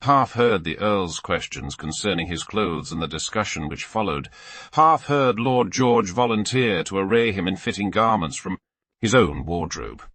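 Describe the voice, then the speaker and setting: A male audiobook narrator telling a classic tale in a steady reading voice. His pitch sits low, his tone is bright and forward, and the recording is close and dry. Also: normal speed, no room sound. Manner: steady storytelling read with voiced characters.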